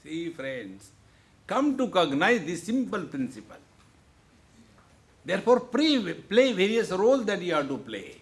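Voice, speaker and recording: A man's voice: sits high, very animated, normal speed. A man giving a humorous spiritual discourse, joking and often repeating "see, friends". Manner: jovial, repeats "see, friends", playful asides. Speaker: spiritual teacher. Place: lecture hall.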